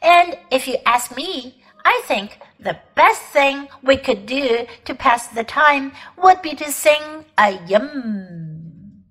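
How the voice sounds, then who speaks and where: A woman reading a storybook, voicing a hearty, steady male cab driver with a firm, reassuring manner. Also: high voice, slow, full character voice.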